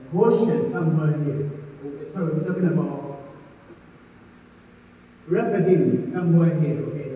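A man preaching a sermon, animated and acting out the voices of scripture. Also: on the high side, slight background noise. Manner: animated, acts out biblical voices. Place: church hall. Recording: echoey hall, mic far off.

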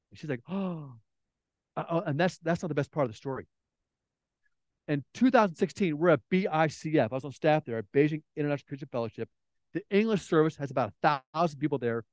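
A middle-aged pastor with a high-pitched voice preaches a sermon, and there's no echo on the recording. He's an animated storyteller who acts out the voices of the people in his tales.

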